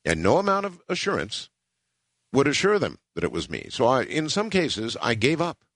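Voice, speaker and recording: A man hosting a late-night call-in radio show, talking in a slow, musing way. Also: mid-range voice, huge pitch swings, a bit bright, dry recording. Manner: slow, musing, drawn-out delivery. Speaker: radio talk show host.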